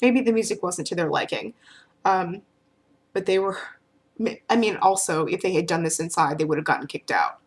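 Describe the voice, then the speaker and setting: A woman's voice: lowish voice, normal speed. A woman vlogger telling a personal story in a casual, rambling way, with many fillers and restarts.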